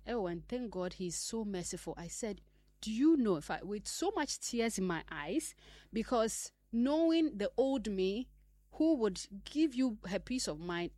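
A woman preaching a sermon, swinging between loud exhortation and hushed whispers. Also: medium pitch, no room sound.

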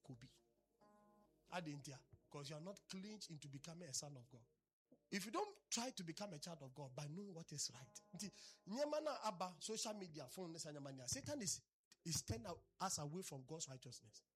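A male preacher delivers an animated sermon, rising to loud exclamations and dropping to low asides. His voice sits fairly high and has a husky edge. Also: fairly quick, faint music behind.

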